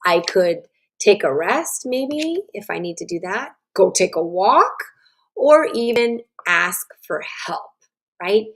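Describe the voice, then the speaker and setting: A woman teaching self-regulation and guiding a slow breathing exercise, with a gentle, instructive manner. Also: mid-range voice, sing-song. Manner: gentle, instructive, checks in with "right?". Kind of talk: guided breathing lesson. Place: online summit stream.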